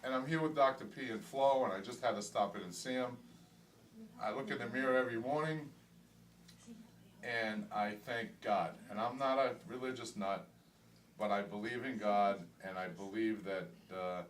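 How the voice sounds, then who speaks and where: A middle-aged man speaks earnestly in a candid patient testimonial, stumbling and repeating words, swinging from low and quiet to loud and excited. His voice sits at an ordinary pitch and is caught from a distance in a hospital room, with a faint hiss underneath. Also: moderate pace, reverberant. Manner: emphatic, stumbling repetitions, grows excited and loud. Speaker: weight-loss surgery patient.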